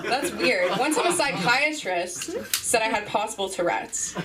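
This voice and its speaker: A young woman runs an open mic at a comedy club, doing rambling, self-mocking stand-up with sudden yelps. She has a high voice with lively intonation and talks at normal speed. The distant mic catches her over a noisy crowd in the room.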